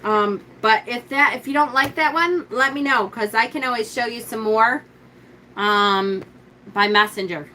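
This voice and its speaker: A woman hosting a casual tarot live stream. She gushes over her decks, chats with viewers, thinks aloud and corrects herself, and slows down and drops low when she reads card meanings aloud. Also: pushed and bright, slight background noise, rough recording. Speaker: tarot reader and livestream host.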